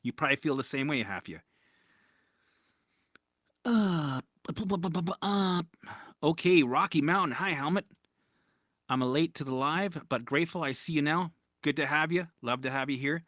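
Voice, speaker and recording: A man's voice: fairly high pitch, moderate pace, long pauses, no room sound, studio quality. Blunt, profane male recovery coach. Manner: blunt, profane, animated, with lots of restarts. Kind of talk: casual live-stream Q&A.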